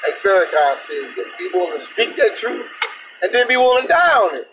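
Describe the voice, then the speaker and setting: A man with a high, bright voice, speaking in an emphatic, indignant vlog rant that is sprinkled with swearing. He sounds distant from the mic, and faint noise runs underneath. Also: sing-song, fast talker. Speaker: vlogger, truck driver.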